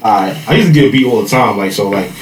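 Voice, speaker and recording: A man's voice: fairly low pitch, quick pace, echoey room, over a noisy crowd, rough recording. A man telling a long childhood story in casual podcast chat, rambling with lots of fillers and laughing as he goes. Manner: laughs through his story. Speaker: podcast panelist, father.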